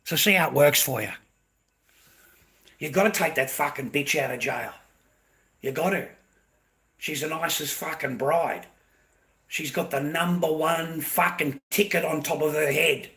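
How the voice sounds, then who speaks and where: A man's voice: fairly high pitch, unhurried, pauses often, pushed and bright. A man with an Australian accent, delivering a heated, profane and confrontational rant to camera, often repeating himself. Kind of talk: angry ranting monologue to camera.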